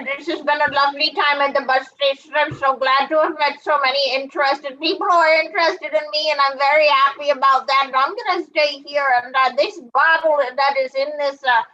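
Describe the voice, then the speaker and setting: A woman improvising an eccentric woman who lives at the bus station, chatty and rambling in a deadpan way. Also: high-pitched, muffled recording. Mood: cheerful. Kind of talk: improv comedy scene.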